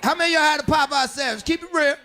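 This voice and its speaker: A man doing stand-up comedy, bantering loudly and profanely with the audience in a club. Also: very high voice, rapid-fire. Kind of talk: stand-up crowd work.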